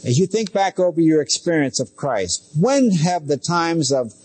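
A man's voice: on the high side, lively intonation, normal speed, a little mellow. A middle-aged man preaching a sermon as pastor, talking conversationally with asides and direct questions to his listeners.

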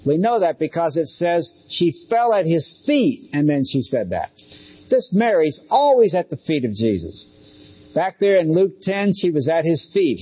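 A man's voice: on the high side, a little mellow, husky. A middle-aged man preaching a sermon as pastor, talking conversationally with asides and direct questions to his listeners.

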